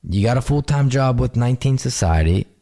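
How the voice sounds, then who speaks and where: A man's voice: medium pitch, lively intonation, fairly quick, gravelly, dark tone. A man hosting a podcast, chatting casually and easygoing with his guest. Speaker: podcast host. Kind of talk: casual chat.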